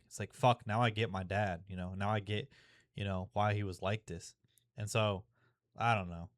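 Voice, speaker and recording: A man's voice: on the low side, fairly bright tone, dry recording, studio quality. A young man vlogging in a frank, rambling way, swearing often and restarting his sentences as he talks things through. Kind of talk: confessional vlog.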